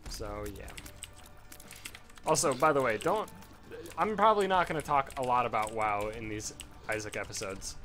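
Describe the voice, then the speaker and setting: A man's voice: mid-range voice, expressive, moderate pace, long pauses, fairly bright tone, faint music behind. Rambling young man, casual game commentary. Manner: rambling, offhand, swears casually. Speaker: gaming video host. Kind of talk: casual commentary over gameplay.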